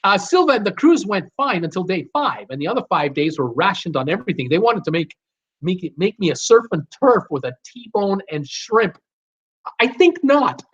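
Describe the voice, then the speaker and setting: A man from the United States hosts a live cruise Q&A stream, reading viewer comments aloud and greeting each person by name in a chatty, upbeat manner. His voice sits high, sing-song and husky at a moderate pace, over slightly dull, lo-fi stream audio.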